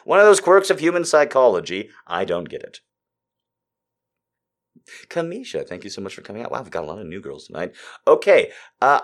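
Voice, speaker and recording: A man hosting a live show in a casual, rambling, sardonic way, swinging between loud bursts and quiet asides. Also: mid-range voice. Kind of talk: casual live-stream chat.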